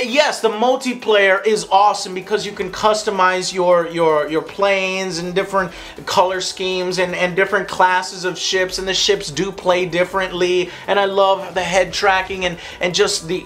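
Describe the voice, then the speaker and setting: A young man co-hosting a casual game review chat, excitable and profane, ranting. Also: high-pitched.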